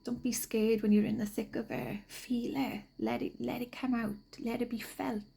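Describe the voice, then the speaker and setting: Woman, half-whispered spiritual guidance, sniffly from a cold, gravelly, flat tone. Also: a little high, rough recording. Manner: slow, gentle, often half-whispered. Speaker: spiritual card reader. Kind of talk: soft-spoken spiritual guidance.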